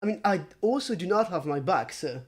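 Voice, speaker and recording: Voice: mid-range voice, animated, brisk, darkish tone, breathy edge. A streamer building a made-up language live, chatting with viewers in a dry, self-mocking way and thinking aloud with many fillers. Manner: talks to chat viewers. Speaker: conlang streamer. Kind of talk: casual livestream chat while working.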